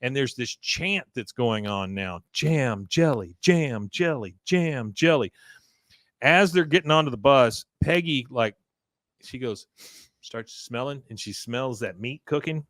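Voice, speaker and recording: A man hosts a podcast and casually recaps a cartoon episode in a middle-pitched voice, pausing on fillers as he walks through each scene. The recording is dry and close, with almost no room sound. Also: expressive, a bit bright, no room sound. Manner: retells scenes, quoting characters, with many "uh" fillers. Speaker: podcast host.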